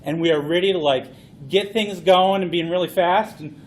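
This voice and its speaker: A man gives a playful, animated conference talk. His voice sits high for a man, and he tells his points like a story. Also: normal speed, a little hiss or hum. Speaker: conference speaker.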